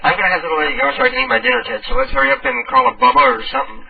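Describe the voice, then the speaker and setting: A man's voice: very high-pitched, animated, very fast, gravelly, slight background noise. A man hosting a prank call radio show, chatting casually and bluntly, with plenty of swearing. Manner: blunt, swearing, laughs easily. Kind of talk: casual chat. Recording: tinny phone-like, distant.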